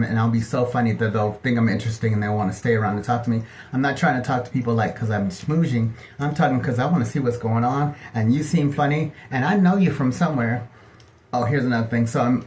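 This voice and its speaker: A middle-aged man telling personal stories in a casual, gossipy monologue, lively and animated as he acts out what people said. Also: medium pitch. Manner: chatty, gossipy, animated, acting out other people's lines. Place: home bathtub.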